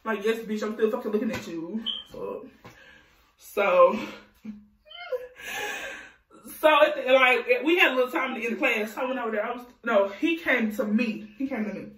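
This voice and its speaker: A young adult woman telling a casual storytime vlog, animated and profane, laughing often. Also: a little high, moderate pace, pauses often, distant mic. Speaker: vlogger. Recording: echoey room, voice off-mic.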